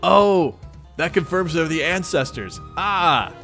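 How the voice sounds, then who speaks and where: A man reading along to a webcomic, chatting freely about what he sees. His pitch leaps about as he reacts, and he laughs easily. Faint music sits in the background. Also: lively intonation, slow, a bit bright. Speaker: webcomic reader. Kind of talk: casual read-along commentary.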